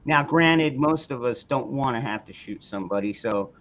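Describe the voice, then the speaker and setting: A man's voice: medium pitch, lively intonation, normal speed, fairly bright tone, muffled recording. A man chatting casually on a podcast, blunt and profane, often restarting his sentences. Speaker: host.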